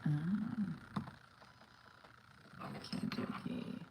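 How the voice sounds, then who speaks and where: Casual home vlogger, woman in her 30s, lowish voice, noisy phone-mic sound, rambling chatter. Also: normal speed. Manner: chatty, rambling, talks while making coffee. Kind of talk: casual livestream chat. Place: home kitchen.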